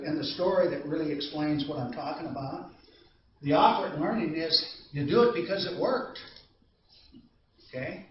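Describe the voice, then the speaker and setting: A man's voice: on the high side, a little hiss or hum. Man teaching anger training, echoey room. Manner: conversational storytelling, asks the audience questions. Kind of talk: training presentation to a live audience. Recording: distant echoey room recording, dull sound.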